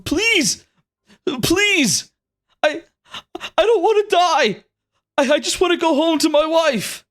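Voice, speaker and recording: A man's voice: very high-pitched, slow pace, fairly bright tone, voice pushed up, exaggerated voice. A man voicing a condemned man who cries and begs for his life, stammering. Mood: pleading. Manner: pleading, stammering through tears. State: crying.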